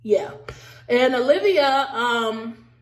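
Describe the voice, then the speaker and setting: A woman giving a casual, animated recap of a reality show, talking straight to her viewers with a sassy edge. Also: fairly high pitch, slow, reverberant. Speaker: recap vlogger.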